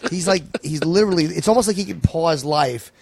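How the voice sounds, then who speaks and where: A man guesting on a podcast as a stand-up comedian, talking in a dry, measured, profane way. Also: on the high side, creaky, darkish tone, no echo. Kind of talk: casual podcast chat. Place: home podcast room.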